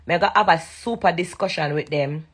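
Chatting casually with fans on a nighttime live stream from her bedroom, a young dancehall singer with a Jamaican accent thanks them. She speaks at a moderate pace in a lowish, slightly rough voice, repeating herself emphatically and drifting into patois.

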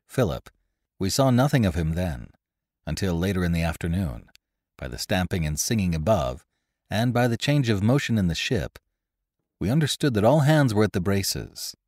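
A man with a fairly low voice reads a classic tale aloud, his pitch rising and falling with lively expression. The sound is dry and close, with no room around it. It is polished, scripted storytelling. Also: no room sound. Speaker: narrator and host.

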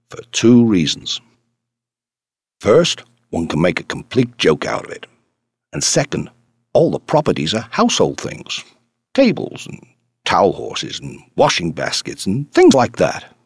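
Guy reading a loud kindly canadian farmer, husky low voice, swings up and down a lot. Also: wildly swooping pitch, unhurried, dry recording, studio quality, full character voice. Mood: jovial. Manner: boisterous, eager. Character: hearty Canadian farmer, rough and kind.

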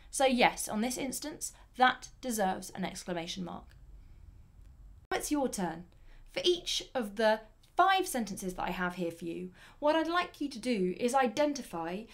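A woman teaching a grammar lesson, explaining clearly and deliberately and reading example sentences with lively emphasis. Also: medium pitch.

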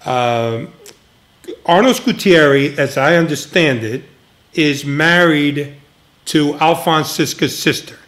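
An older man, a retired agent, sitting for a relaxed interview. He spins long stories with a slightly raised pitch, slipping into the voices of people he quotes. Laughter breaks into the telling often. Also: takes it slowly. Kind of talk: casual storytelling interview.

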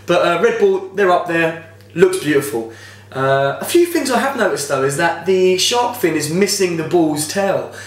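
A motorsport vlogger, a man with a slightly high voice, gives casual, opinionated video commentary, rambling and often restarting. The mic is distant and the room echoey.

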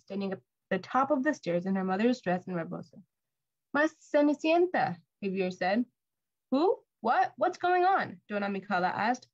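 A woman's voice: mid-range voice, highs cut off. A woman reading a picture book aloud to children, acting out the lines and mixing in Spanish words. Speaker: volunteer reader.

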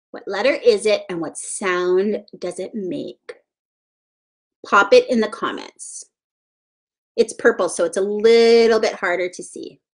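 A woman with a mid-range voice teaches a live online letters-and-sounds lesson to young children. She's encouraging and sing-song, praising each child by name.

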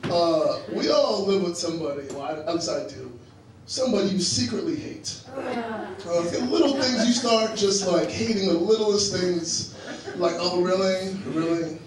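A young man performing a stand-up comedy set in a club, animated and acting out characters. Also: high-pitched, moderate pace. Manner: animated, acts out characters in raised voices. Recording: echoey club sound from a distant mic with loud crowd noise. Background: audience laughter.

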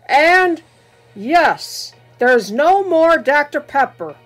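A woman's voice: sits high, very animated, drawn-out words, fairly bright tone, soft background music, heavily acted. A woman voicing a news announcer in a homemade skit, reading out store news in a mock-formal way. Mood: solemn. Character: adult news announcer delivering bad news.

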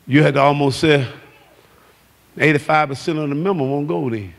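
Exuberant preacher with gravelly voice. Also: male voice, on the high side, fairly even intonation, moderate pace. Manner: shouting, exuberant preaching with call-outs to the congregation. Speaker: pastor. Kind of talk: sermon. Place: church sanctuary. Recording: long hall reverb.

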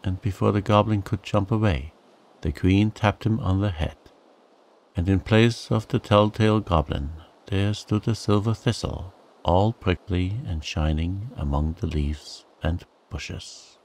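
A man reading a bedtime sleep story in a calm, soothing narration. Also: sits low, measured pace.

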